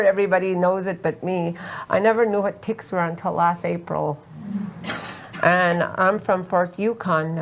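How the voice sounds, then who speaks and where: Woman from alaska on a panel, low voice, halting, lots of ums, choked up. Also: a little hiss or hum. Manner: earnest, halting with many fillers. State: emotional, near tears. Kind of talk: panel talk, personal testimony. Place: festival roundtable.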